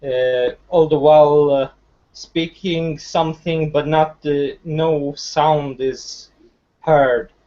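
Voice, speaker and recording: A man describes what his character does in a tabletop game, pausing often and searching for words. His voice sits a little high and comes through muffled, like an online call. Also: fairly even intonation, dark tone. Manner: slow, searching, with many fillers. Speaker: player.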